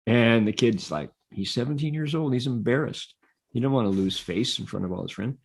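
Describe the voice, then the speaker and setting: Guy teaching buddhist dharma, husky voice, middle pitch, tells stories and chants. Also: a little fast. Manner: animated storyteller who chants mantras. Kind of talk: storytelling dharma talk.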